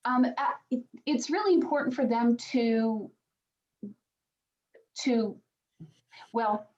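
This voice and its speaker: A woman with a slightly high, somewhat mellow voice speaks slowly as a podcast guest. A psychic medium, she earnestly explains her work in interview answers, often restarting her sentences, and the recording has a dull lo-fi sound.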